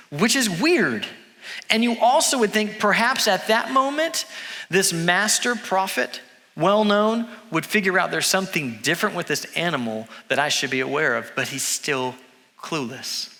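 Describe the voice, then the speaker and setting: A man with a Texan accent preaching a sermon, telling a story in an animated way and slipping into voices for the people in it. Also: high-pitched. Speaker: pastor. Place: church sanctuary. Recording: long church hall reverb.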